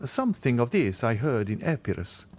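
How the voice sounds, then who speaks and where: A man's voice: mid-range voice, sing-song, moderate pace, a little mellow, slightly rough. A man voicing a suave, mysterious wealthy count in an audiobook, with formal, courtly phrasing.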